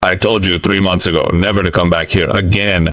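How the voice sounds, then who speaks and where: A man's voice: deep voice, little pitch movement, fairly quick, a bit bright. A man voicing an old, dignified tribal chief who speaks firmly in a narrated western story. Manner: firm and dignified.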